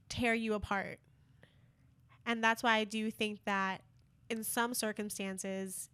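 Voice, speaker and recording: A woman's voice: medium pitch, fairly bright tone, dry recording. Earnest young woman telling a personal story. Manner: earnest and heartfelt, with casual fillers. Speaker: podcast host.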